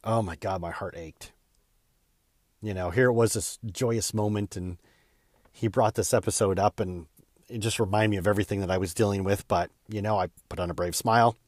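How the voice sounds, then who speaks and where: A middle-aged man tells a personal story with earnest, heartfelt feeling. His voice sits on the low side, and his pace quickens and eases with the emotion. The sound is dry and close, with no room echo. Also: fairly even intonation, darkish tone. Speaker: real estate agent and podcaster.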